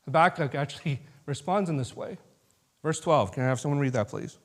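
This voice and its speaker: A man's voice: a little high, fairly quick. A man leading a Bible study as pastor, talking through the passage in a loose, casual way with restarts and asides. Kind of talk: informal sermon. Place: church sanctuary.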